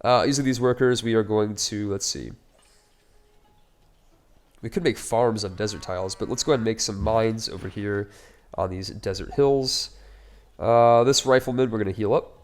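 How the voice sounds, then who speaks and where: A man's voice: on the low side, normal speed, pauses often. A man casually commenting on his own strategy game playthrough, upbeat and chatty with wry, joking asides. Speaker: let's play host.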